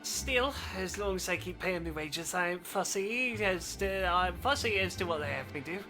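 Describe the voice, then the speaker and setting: A woman reading aloud as a gruff, weary low-born male soldier in a video game, speaking in rough folksy speech. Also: expressive, moderate pace, music in the background. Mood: blunt.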